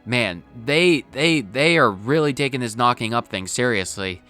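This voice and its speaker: Playful lively young-sounding gamer man. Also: medium pitch, normal speed, soft background music. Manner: playful, jokey, self-explaining. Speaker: gaming channel host. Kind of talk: let's play commentary.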